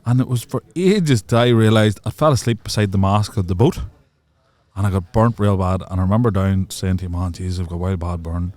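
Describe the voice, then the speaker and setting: Lively podcast host, dry. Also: male voice, fairly low pitch, a little fast, no echo. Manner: animated storyteller, swearing and laughing. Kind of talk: casual chat.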